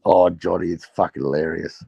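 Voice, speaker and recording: Gravelly Australian man telling rowdy stories. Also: sits low, fairly even intonation, normal speed, warm tone, dry recording, lo-fi sound. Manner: rowdy, profane storytelling, laughing at his own tales. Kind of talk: casual chat.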